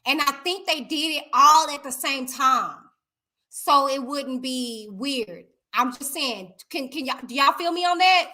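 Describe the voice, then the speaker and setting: Chatty high-voiced woman hosting a live stream. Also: measured pace. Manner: chatty, animated, addresses viewers directly as y'all. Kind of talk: casual live stream chat reacting to viewers.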